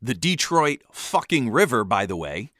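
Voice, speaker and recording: A male comic storyteller with a wry delivery and a bright, forceful tone. His pitch leaps constantly from low asides to high punchlines. The recording is dry and close with no room sound. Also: sing-song, a little slow, dry recording. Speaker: podcast host. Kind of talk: comedic storytelling monologue.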